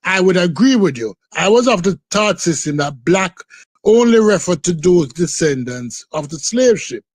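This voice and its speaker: Brief: high-pitched man, insistent panel talker, dry close sound. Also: expressive, moderate pace, no echo. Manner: insistent, repeats himself to take the floor. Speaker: podcast panelist. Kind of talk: casual debate chat.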